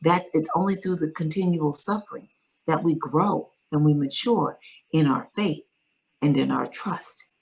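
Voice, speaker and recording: A woman's voice: sits low, measured pace, creaky, a little mellow, poor audio. A middle-aged woman, an interview guest and author, earnestly recounting a personal faith story with quoted dialogue.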